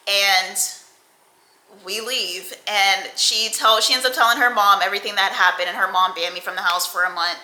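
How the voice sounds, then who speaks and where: A young woman vlogger telling a storytime tale, animated and profane, acting out the quoted lines. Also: mid-range voice, brisk, roomy sound, rough recording. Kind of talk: storytime vlog.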